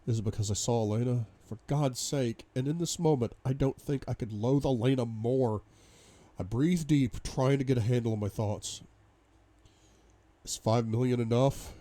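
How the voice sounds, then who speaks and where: A man's voice: medium pitch, normal speed. Dramatic man reading a novel aloud. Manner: dramatic, swinging between hushed despair and loud outbursts. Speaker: audiobook reader. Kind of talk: first-person novel reading.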